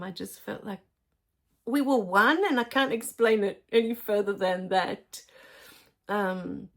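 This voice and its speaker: A middle-aged woman, telling spiritual stories in a soft, emotional way with many pauses and fillers. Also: mid-range voice. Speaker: spiritual teacher. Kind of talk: personal spiritual storytelling.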